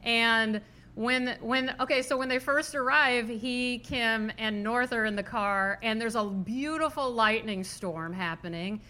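A woman's voice: a little high, a little slow, bright, forceful tone. A woman co-hosting a casual chat, laughing often and acting out the lines she quotes. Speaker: podcast co-host.

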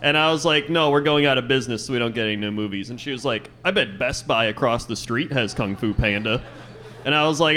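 A man's voice: medium pitch, fast talker, sharp tone. A man co-hosting a live podcast, telling rambling, laughing anecdotes and acting out the people in them. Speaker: podcast co-host. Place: live venue stage.

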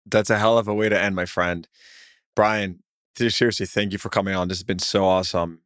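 Friendly low-voiced male podcast host. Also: steady tone, a little fast, a bit bright, no echo, clean studio sound. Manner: friendly, leads questions with his own guess. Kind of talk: casual interview talk.

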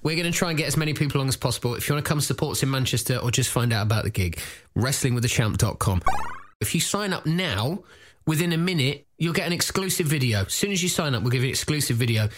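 A man's voice: medium pitch, lively intonation, quick pace. Man, podcast host, teasing, rambling, casual chat with plugs. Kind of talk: casual comedic chat and promo.

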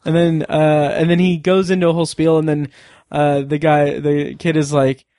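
This male podcast co-host chats casually, wandering through his points with lots of fillers and restarts, frequently breaking into laughter. His voice is on the high side, level and warm, at a normal speed, captured in a dry, clean studio recording.

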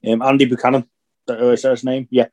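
A young man from Northern Ireland co-hosting a casual podcast, talking in a reflective, halting way as he searches for his words. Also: medium pitch, flat delivery, a little mellow. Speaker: podcast co-host.

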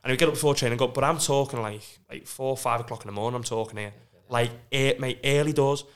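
A man with a Northern English accent telling stories in casual podcast chat, excitable and laughing often. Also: mid-range voice, fast. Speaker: podcast guest.

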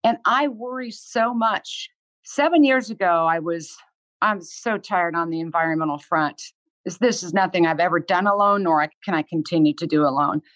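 A woman's voice: fairly low pitch, normal speed, a bit bright, no room sound. A woman in her sixties, a podcast guest talking candidly and earnestly, swearing freely. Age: 60s.

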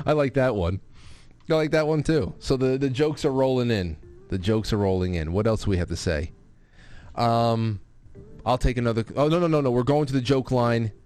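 A man's voice: mid-range voice, darkish tone. A man hosting a call-in show, rambling in casual chat with many restarts. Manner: rambling, chatty, with frequent restarts and fillers. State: grieving his stepfather.

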